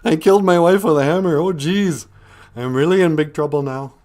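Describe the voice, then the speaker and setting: A man's voice: brisk, close to an everyday voice. A man putting on a panicky Minnesotan guy. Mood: panicked. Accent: exaggerated Minnesotan. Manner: loud, high, flustered exclamations. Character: panicky small-town Minnesotan man, flustered.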